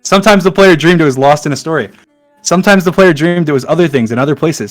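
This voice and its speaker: A man's voice: a little high, fast, soft background music. A man reading a long poem aloud in a hurry, tripping over words and breaking off with asides. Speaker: online content creator.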